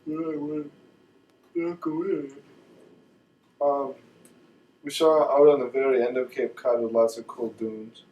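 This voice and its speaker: A man's voice: medium pitch, flat delivery, unhurried, long pauses, lo-fi sound. A man chatting casually about a trip on a home video, rambling and correcting himself as he goes. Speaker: traveler recounting a trip. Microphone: camcorder mic. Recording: distant home camcorder audio.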